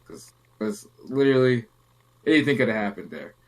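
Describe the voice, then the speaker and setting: A man's voice: mid-range voice, moderate pace. A young adult man hosting a casual podcast, rambling through a story and acting out the people in it. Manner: relaxed, rambling, acts out quotes. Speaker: podcast host.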